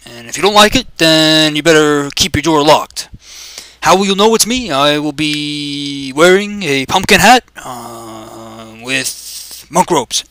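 A man in his twenties giving crude, profane commentary over his gameplay, yelling greetings at other players. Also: fairly high pitch, expressive, slow, dry recording. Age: 20s.

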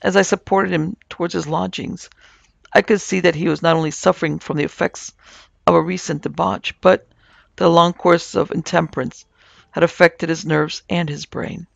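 A man narrating a supernatural tale in a measured, scripted storytelling manner. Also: fairly high pitch, steady tone, creaky, no echo, highs cut off. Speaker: narrator and producer.

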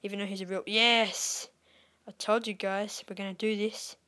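A woman giving excitable live gameplay commentary as a YouTuber, squealing at wins and dropping to whispers when tense. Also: mid-range voice, normal speed. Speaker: gaming YouTuber.

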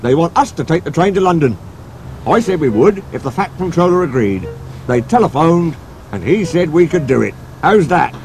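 A man voicing an excited male train driver bringing news in a storybook reading. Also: on the high side, slight background noise, pitched above the performer's own voice. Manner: eager, brisk.

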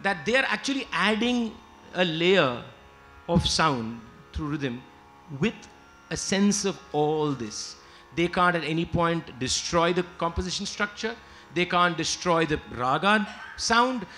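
A man's voice: on the high side, animated, measured pace, sharp tone. A man giving an emphatic lecture-demonstration on music, explaining and stopping to sing short examples. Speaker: lecturer and singer. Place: lecture hall with live musicians.

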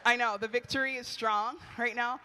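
A woman's voice: a little high, steady tone, moderate pace, sharp tone, a faint crowd, a little hiss or hum. A middle-aged woman preaching at a retreat, candid and conversational, telling personal stories with animation. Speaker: retreat speaker. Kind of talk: sermon. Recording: long hall reverb.

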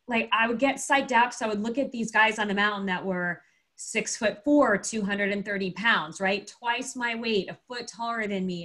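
A woman with a medium-pitched voice, appearing as an interview guest, tells a story casually and animatedly, acting out the quotes and filling her speech with fillers.

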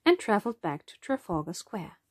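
A woman narrating a children's storybook in a gentle, expressive way. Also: mid-range voice, a little fast, no echo, clean studio sound.

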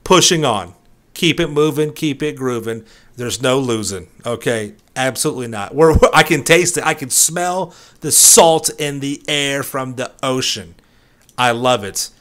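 A man's voice: mid-range voice, expressive, unhurried, fairly bright tone. Hammy young man narrating his gameplay. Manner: hammy, mock-dramatic storytelling; streetwise slang. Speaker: gaming YouTuber. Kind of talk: playful gameplay commentary.

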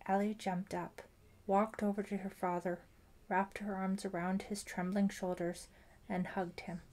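A woman reads a suspense audiobook in scripted narration. She takes an unhurried, measured pace at a middling pitch, keeping the storytelling even and controlled.

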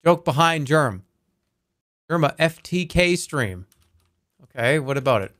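A man's voice: a little high, expressive, measured pace, a bit bright, no echo, clean studio sound. A man streaming a game live, rambling playfully and reading viewer messages aloud.

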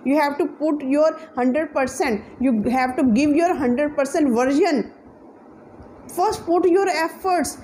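High-voiced woman urging learners on. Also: slow pace, warm tone, a little hiss or hum, rough recording. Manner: earnest, repetitive exhortations with non-native grammar slips. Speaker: English teacher. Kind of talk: motivational English lesson.

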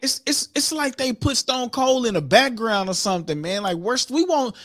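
An excitable co-host in loose wrestling talk, acting out each moment with sound effects. The voice sits in a middle register. The sound is dry and close, with no room around it. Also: mid-range voice, moderate pace, no echo. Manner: animated, acts out what happened with sound effects. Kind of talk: casual wrestling chat.

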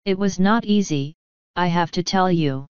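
A woman's voice: on the low side, normal speed, darkish tone, clear, resonant tone, no room sound, highs cut off, close to an everyday voice. A woman reading the part of a male beggar who talks in a prim, formal way.

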